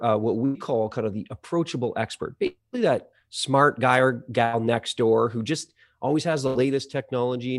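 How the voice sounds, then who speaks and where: A man with a mid-range voice, recorded in studio quality with no room sound, is an audio engineer talking about voice-over work. He rambles conversationally, full of fillers and restarts, in the style of a podcast interview.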